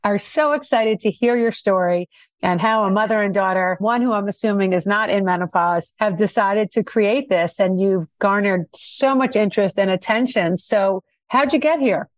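A woman's voice: mid-range voice, moderate pace, dry recording. Enthusiastic woman introducing guests. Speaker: podcast co-host.

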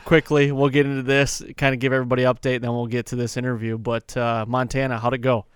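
A man's voice: medium pitch, flat delivery, quick pace, clear, resonant tone, dry recording, studio quality. A man hosting a podcast, chatting loosely and casually, swearing now and then. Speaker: podcast host. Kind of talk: casual chat.

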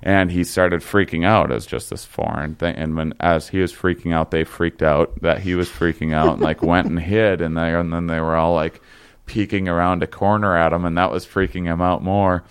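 A young man telling a long story in casual chat, halting and rambling with many fillers and restarts. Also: low-pitched, level tone, clear, resonant tone.

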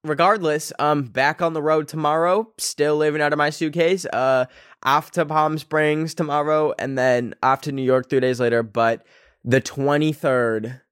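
A man's voice: fairly high pitch, dry recording, studio quality. A young man hosting a podcast on his own, chatting casually and rambling with lots of filler words and self-mocking asides. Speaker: podcast host. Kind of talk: casual solo chat.

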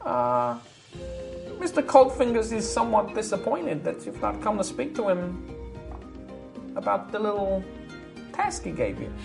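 A woman voicing a small, sly male halfling prisoner who passes on threats, with a high, wheedling voice. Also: animated, unhurried, vocal fry, long pauses, music in the background.

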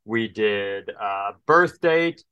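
A man's voice: lowish voice, expressive, very slow, smooth, no room sound, dull audio. A man with a slight Southern drawl co-hosting a casual podcast, telling stories and acting out phone calls with exasperated, swearing rants. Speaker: podcast co-host. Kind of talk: casual chat.

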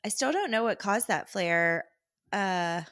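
A young woman, co-hosting a podcast and telling a story in casual chat, quoting people in lively voices and laughing often. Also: medium pitch, a little slow, no room sound, clean studio sound. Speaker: podcast co-host.

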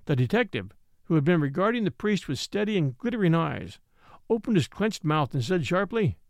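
A man's voice: moderate pace, gravelly, dry recording, studio quality. A man reading a mystery story aloud as narrator, giving each character a shift in voice. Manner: reads all characters with lively shifts in pitch. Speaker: audiobook narrator.

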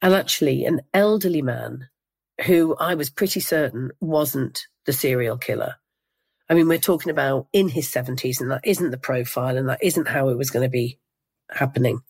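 An older woman from Northeast England, slowly recounting a personal memory in an interview, reflective and measured with pauses and restarts. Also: rumbling low, a little mellow, husky.

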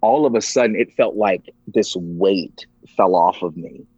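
A man's voice: sits low, measured pace, a little mellow, slightly rough, no echo. A man sharing a personal story as a podcast guest, earnest and emotional. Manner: earnest, emotional, acts out quoted voices. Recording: dull lo-fi, dry.

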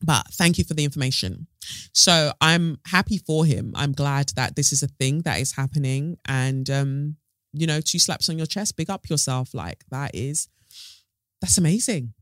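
A man talks through the week's news on his podcast in a loose, chatty way, drifting into playful asides. His voice sits a little high, and the recording is dry and close. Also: normal speed, fairly bright tone, dry recording. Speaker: podcast host. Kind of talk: casual podcast chat, reading news aloud.

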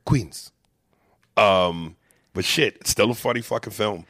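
A man co-hosting a casual chat, talking animatedly and profanely and slipping into quick impressions. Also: on the low side, a bit bright, no room sound, studio quality. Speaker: podcast co-host. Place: hotel room.

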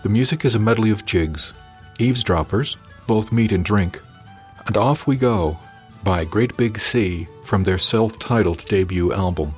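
A man reading a science fiction audiobook in first person, with an even, steady storytelling delivery. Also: lowish voice, a little slow, faint music behind. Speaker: audiobook podcast narrator.

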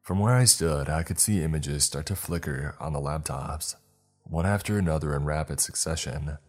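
A man reading a first-person horror story aloud as scripted narration, in a measured storytelling manner. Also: a bass voice, darkish tone, faint music behind.

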